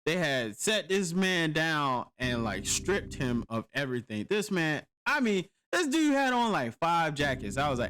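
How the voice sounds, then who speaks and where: A man's voice: a little high, measured pace, hardly any pauses, faint music behind. A man, telling a profane war-story anecdote in casual podcast chat, acting out his own past lines. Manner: profane, animated storytelling with quoted exclamations. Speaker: podcast host, army veteran.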